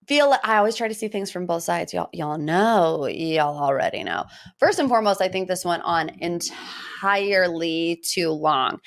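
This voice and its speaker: A woman's voice: on the low side, fairly bright tone. A woman hosting a podcast, giving a chatty, gossipy recap full of personal asides. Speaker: podcast host. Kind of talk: casual pop-culture recap.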